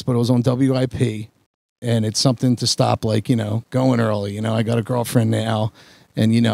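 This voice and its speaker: A man on a podcast, telling a long story in a rambling, animated way with many restarts. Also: medium pitch, gravelly, no room sound. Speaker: podcast host. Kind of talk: casual storytelling chat.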